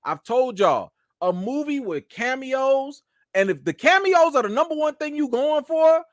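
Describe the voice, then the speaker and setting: Male host, lively swooping delivery, dry close sound. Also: a little high, no room sound. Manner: animated, talks straight to viewers, acts out quotes. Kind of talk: live chat commentary.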